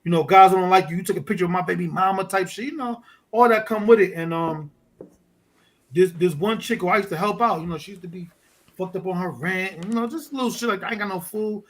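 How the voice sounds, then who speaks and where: Animated New man telling a story. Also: high-pitched, fast. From Fort Greene, Brooklyn. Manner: animated, profane street storytelling. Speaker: guest. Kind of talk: casual storytelling.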